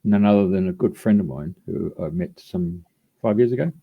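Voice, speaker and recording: A man's voice: sits low, normal speed, creaky, husky, phone-quality sound. Rambling man hosting radio. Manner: rambling, hesitant with many fillers. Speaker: radio host. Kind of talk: live radio show introduction.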